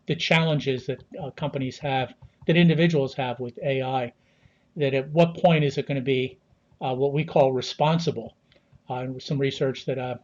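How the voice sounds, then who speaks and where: American man, measured, lo-fi call audio. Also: medium pitch, a little mellow. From United States. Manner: measured, many fillers and restarts. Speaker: guest analyst. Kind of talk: unscripted interview answers.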